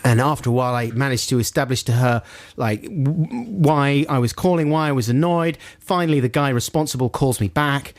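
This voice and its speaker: A man co-hosting a radio show, telling a long anecdote in casual chat, and his voice climbs high when he acts out his anger. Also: fairly quick, no room sound. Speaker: radio co-host. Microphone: studio microphone.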